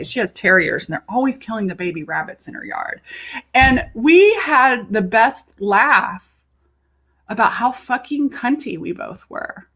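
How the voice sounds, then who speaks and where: A woman's voice: a little high, sing-song, a little slow, a bit bright. A woman coach talks openly to camera about her own struggles. She is frank and emotional, drops casual swear words, and slips into the voices of herself and her friends as she retells conversations. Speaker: leadership coach. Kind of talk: candid personal vlog monologue.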